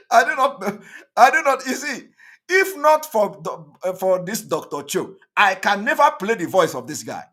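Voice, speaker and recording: Man hosting, high voice, emphatic and repetitive commentary. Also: sing-song, a bit bright. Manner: emphatic, repetitive, quick to laugh. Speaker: host of an online broadcast. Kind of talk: live commentary on a played interview.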